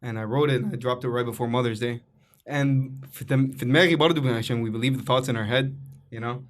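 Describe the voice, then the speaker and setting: A man's voice: mid-range voice, steady tone, racing. A young Egyptian man hosting a podcast, talking in an emotional, rambling way with restarts. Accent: Egyptian Arabic. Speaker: podcast host and comedian. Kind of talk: casual podcast conversation.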